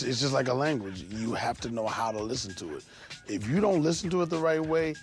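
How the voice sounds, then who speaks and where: A man in a casual interview, explaining in animated, slangy talk and acting out sounds. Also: mid-range voice. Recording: faint music behind.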